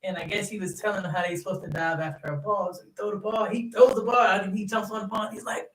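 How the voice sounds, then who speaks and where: A young man, a youth basketball coach and third-grade teacher, telling stories in an animated, chatty way, laughing often and using lots of fillers. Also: high-pitched, rapid-fire, few pauses, recorded from a distance, soft background music. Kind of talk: casual interview chat. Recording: roomy sound from off-mic.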